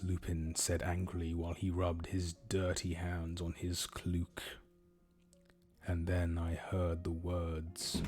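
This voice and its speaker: Brief: male streamer reading aloud, deadpan delivery, slow and very low. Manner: deadpan, unhurried, low-key. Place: home streaming setup.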